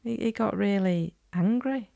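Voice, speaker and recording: A woman's voice: mid-range voice, measured pace, creaky, dark tone, dry recording, studio quality. A woman co-hosting a wellbeing podcast, chatting casually and telling anecdotes. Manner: chatty, anecdotal, laughs easily. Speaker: podcast co-host.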